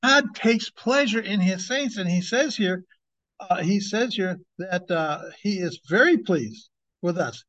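A fairly high-voiced man preaches in a loose, conversational way, leaning hard on key words and drawing them out. The sound is dull and lo-fi, as if taped on modest gear. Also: expressive, a bit bright. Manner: emphatic, conversational, drawn-out slow stresses. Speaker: evangelist, teacher. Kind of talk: informal sermon. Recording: dull lo-fi recording.

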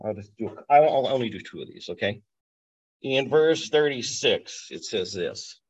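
A man's voice: medium pitch, animated, unhurried, husky. A man teaching from the Bible in a conversational sermon style, thinking aloud and asking listeners to stop and think. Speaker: pastor. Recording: dull lo-fi audio.

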